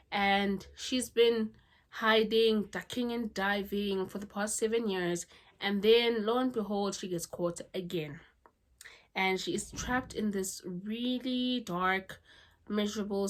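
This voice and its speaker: Chatty woman vlogger ranting at home. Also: medium pitch. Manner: chatty, ranting, animated asides. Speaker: book vlogger. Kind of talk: casual chat.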